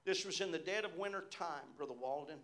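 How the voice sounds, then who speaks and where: A man's voice: a little high, fairly quick, a bit bright. A middle-aged man preaching a sermon as pastor, telling personal stories and punctuating his phrases with repeated amens. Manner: personal storytelling from the pulpit.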